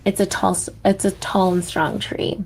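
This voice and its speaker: A young woman hosting a podcast, leading a guided meditation and reflective talk in a gentle manner, laughing softly at herself. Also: medium pitch, flat delivery, normal speed, vocal fry, a little hiss or hum. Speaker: podcast host.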